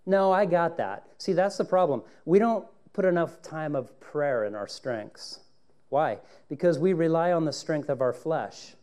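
A male pastor preaching with a mellow, warm tone and a fairly high voice. He swings dramatically between hushed and raised lines. He acts out scripture dialogue as he goes. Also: lively intonation, a little slow. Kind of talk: sermon.

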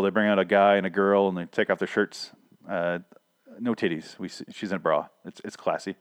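A young man giving a casual, profane, sarcastic recap of a TV episode, acting out the characters in quick asides. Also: low-pitched, fairly even intonation, no room sound, clean studio sound. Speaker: podcaster reviewing a TV episode.

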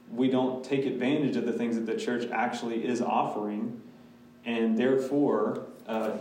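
A man's voice: mid-range voice, darkish tone. A man, a pastor, answering a church class's questions in a candid, casual way, with many restarts. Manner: candid, talks in restarts and asides. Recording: echoey room, voice from a distance.

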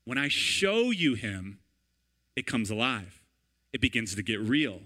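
A man in his thirties preaching a sermon in a lively, conversational way, often checking in with "right?". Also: mid-range voice, a little slow. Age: 30s. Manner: animated, conversational, repeats "right?" and "all right?". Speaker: pastor.

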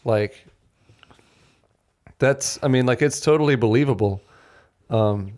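A man co-hosting a podcast, chatting casually about a film in animated bursts with restarts. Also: medium pitch, takes it slowly. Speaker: podcast co-host. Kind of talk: casual film-discussion chat.

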